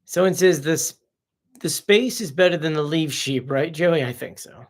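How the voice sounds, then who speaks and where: A man's voice: fairly high pitch, normal speed. A man hosting a casual live stream, chatting off the cuff as he reads out viewer comments and answers them.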